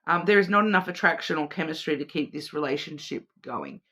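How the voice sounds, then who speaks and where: A woman's voice: sits low, lively intonation, a little fast, sharp tone. A woman giving a casual, rambling intuitive card reading, often repeating and restarting her words. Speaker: tarot and oracle card reader.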